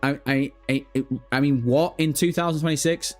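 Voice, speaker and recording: Sweary man streaming, high voice. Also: fairly even intonation, moderate pace, soft background music. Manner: sweary, cracking up with helpless laughter. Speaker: gaming news livestreamer. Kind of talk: casual livestream chat.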